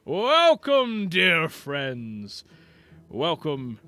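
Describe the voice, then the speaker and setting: A man's voice: on the high side, wildly swooping pitch, extremely slow, bright, forceful tone, clean tone, dry recording, heavily acted. A man voicing a genial, chatty bearded king who speaks in a stately way. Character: genial bearded middle-aged male king.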